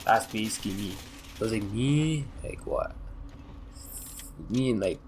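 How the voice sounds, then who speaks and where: A man's voice: lowish voice, measured pace, a little mellow, slight background noise. A young man telling a story from his own life in a casual, slangy, rambling way, often trailing off with "da, da, da". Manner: loose, slangy, rambling with filler "da, da, da".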